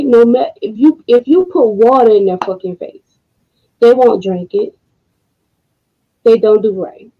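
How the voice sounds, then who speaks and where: A woman hosting a podcast, speaking in a casual monologue, emotional and frustrated, with slow deliberate pauses. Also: a little high. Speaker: podcast host. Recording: dull lo-fi audio.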